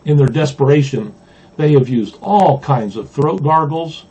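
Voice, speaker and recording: A man from Mississippi, a pastor, reading a children's storybook aloud with gentle humor, in a dull lo-fi recording. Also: a little high, measured pace, husky. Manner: gently humorous, chuckling at the jokes.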